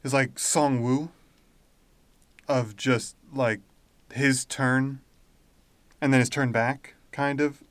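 A man's voice: medium pitch, steady tone, slow pace, long pauses, no echo. A man co-hosting a podcast, thinking aloud in a hesitant, casual way. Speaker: podcast co-host. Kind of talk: casual chat.

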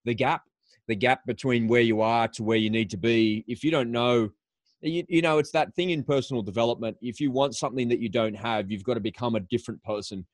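A man's voice: mid-range voice, a little fast, dry recording. Enthusiastic man hosting, dry sound. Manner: enthusiastic storyteller, repeats words as he thinks. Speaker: podcast host. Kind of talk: casual conversational interview. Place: studio.

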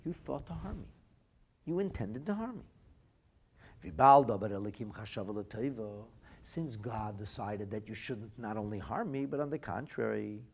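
A man's voice: lowish voice, unhurried, vocal fry, husky. A man teaching a Torah class as a rabbi, reading phrases from classic texts aloud and translating them into plain speech. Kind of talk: lively text-based Torah lesson.

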